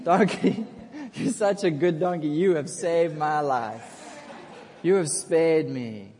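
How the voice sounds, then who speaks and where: A stubborn male prophet of old urging his donkey along in a raised voice, as a preacher acts him out. The lines boom with a long hall reverb. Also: slow pace, darkish tone, a little hiss or hum. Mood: doting. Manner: impatient urging, then doting.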